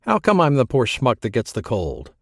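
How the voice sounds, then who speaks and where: A put-upon man grumbling sarcastically, as a narrator voices him. His voice is plain and mid-pitched. The sound is dry and close. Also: huge pitch swings, normal speed, fairly bright tone, no echo, exaggerated voice.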